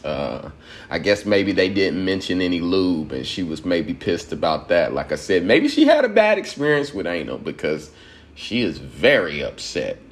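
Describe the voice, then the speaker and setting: Deep-voiced man. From Georgia, US. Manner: laughing, loose and profane, animated asides. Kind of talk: casual commentary monologue.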